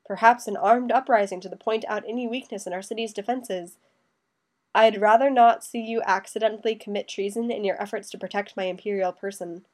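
A calm young emperor who speaks slowly and measuredly, with a dry, teasing fondness, as a woman reads him. He sounds composed and sure of himself, in an audiobook. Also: medium pitch, close to an everyday voice. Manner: slow, measured, dryly teasing.

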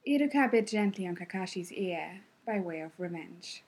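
A woman narrating fan fiction softly, in a hushed, close delivery. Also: lowish voice, lively intonation, normal speed, few pauses, slightly rough. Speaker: reader.

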